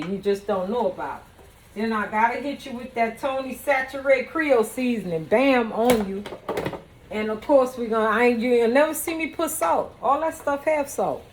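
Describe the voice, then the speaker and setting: A woman's voice: on the high side, slight background noise. Playful woman chatting while she cooks. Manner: chatty, playful, talks straight to viewers. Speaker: home cook and vlogger. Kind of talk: casual cooking demonstration. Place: home kitchen.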